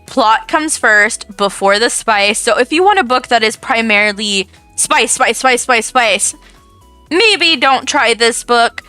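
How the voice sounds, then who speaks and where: A woman's voice: fairly high pitch, sharp tone, clear, resonant tone, no echo. A young woman chatting casually as she reviews a book, gushing and repeating herself.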